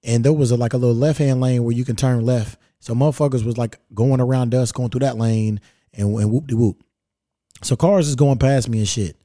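A man's voice: medium pitch, fairly even intonation, brisk, mellow, no room sound, studio quality. A man from Kentucky hosting a podcast, telling a story in a blunt, profane, rambling way. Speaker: podcast host. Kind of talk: casual storytelling monologue.

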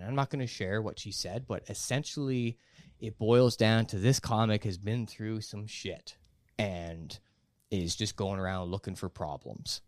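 A young man, a stand-up comedian, telling a profane story in animated casual podcast talk. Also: fairly low pitch, no room sound, clean studio sound.

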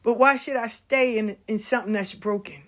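A middle-aged woman telling stories about her life in a casual, blunt and animated way, swearing freely. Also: a little high, moderate pace. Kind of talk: casual storytelling.

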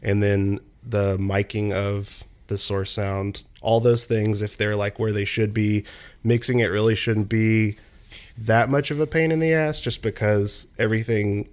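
A young man with a lowish voice rambles casually, piling on fillers and false starts. He talks like a home musician who produces his own tracks. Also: fairly even intonation, unhurried. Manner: rambling, many fillers and restarts. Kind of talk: casual conversation.

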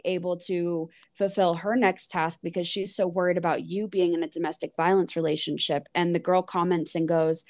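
A woman's voice: lowish voice, a little mellow. A woman podcast guest in casual chat, talking loosely with lots of fillers. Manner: conversational, lots of "like" and "um". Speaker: podcast guest and psychic reader.

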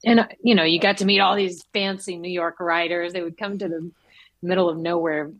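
Animated woman actress in an interview. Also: a little fast, no echo. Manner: animated, acts out quotes with big pitch jumps. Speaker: actress guest. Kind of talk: casual interview chat.

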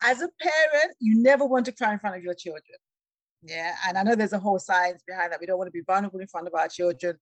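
A woman telling a personal travel story in a conversation, lively and laughing, acting out the voices of the people she quotes. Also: mid-range voice, fast, no room sound. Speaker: guest.

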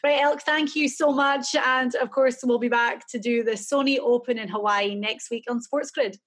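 A woman's voice: on the high side, fairly even intonation, moderate pace, fairly bright tone. A woman hosting a casual golf betting chat, upbeat as she reads out stats and runs the segment. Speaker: golf show host.

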